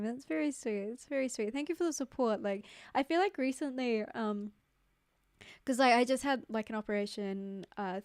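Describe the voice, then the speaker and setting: A young woman chats on her live stream, giggling often and stringing her sentences along with "like". Her voice sits a little high and comes through smooth and clear. The close mic leaves the sound dry. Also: darkish tone, no room sound. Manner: chatty, giggly, lots of "like" fillers. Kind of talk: casual live-stream chat reading comments. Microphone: close studio mic.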